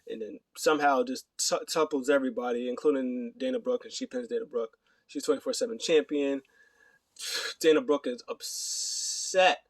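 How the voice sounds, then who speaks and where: Young male reviewer, casual rambly recap, middle pitch, dry close sound. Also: no room sound. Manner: animated retelling with put-on quoted voices; rambling, frequent fillers. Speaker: wrestling show reviewer.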